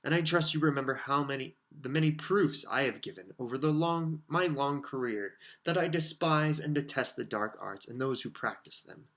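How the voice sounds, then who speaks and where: A man's voice: medium pitch, moderate pace, hardly any pauses, fairly bright tone, lightly acted. Icy senior official, cold anger in every word, proud and severe, guy reading it.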